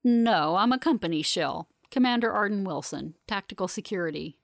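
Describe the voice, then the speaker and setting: A woman voicing a stern male security commander with a measured, blunt manner. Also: mid-range voice, lively intonation, creaky, dry recording, studio quality.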